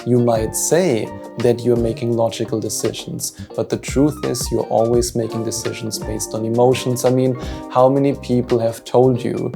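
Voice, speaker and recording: Gravelly German-accented man, earnest. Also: medium pitch, level tone, moderate pace, over music. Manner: earnest, self-mocking, preachy. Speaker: manifestation coach. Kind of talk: motivational self-help talk.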